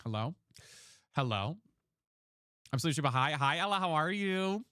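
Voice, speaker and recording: Chatty, animated male game streamer. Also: a little high, a little slow, clear, resonant tone, no room sound, studio quality. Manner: chatty and dramatic, thanks viewers by name. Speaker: live streamer. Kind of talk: casual live-stream chat while gaming.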